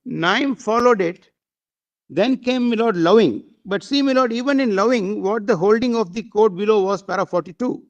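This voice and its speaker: A man's voice: high-pitched, normal speed. A man arguing before a court bench, formally reading out passages and repeatedly saying "my lord", with hesitant fillers in a courtroom. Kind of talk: courtroom argument.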